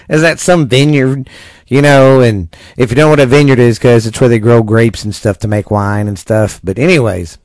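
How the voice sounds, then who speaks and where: A man's voice: medium pitch, no echo, clean studio sound. A man from Texas hosting a casual family podcast, easygoing and rambling, cursing now and then. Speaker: podcast host.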